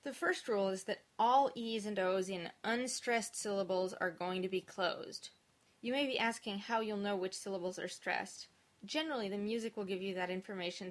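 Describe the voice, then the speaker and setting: A woman teaching diction to singers in a video lesson, explaining rules in a clear, methodical way as a native English speaker. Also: mid-range voice. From English-speaking country.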